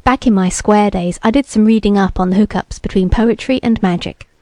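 A woman with a medium-pitched, darkish voice speaks briskly, lightly acting as she reads the lines of a bearded young beatnik TV repairman. He talks in laid-back hip slang and sounds sure of himself, and the mood is ominous. There's no room sound.

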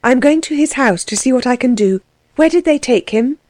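A woman's voice: sits high, expressive, brisk, darkish tone, no echo, pitched above the performer's own voice. Resolute young woman, cold and clipped; the narrator reads her. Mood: determined. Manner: firm, clipped. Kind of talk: audiobook character reading.

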